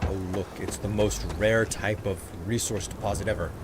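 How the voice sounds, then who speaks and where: A man's voice: fairly low pitch, fairly even intonation, normal speed, very noisy. A man streaming a game, giving casual, sarcastic commentary and poking fun at himself. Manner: sarcastic, joking, self-mocking.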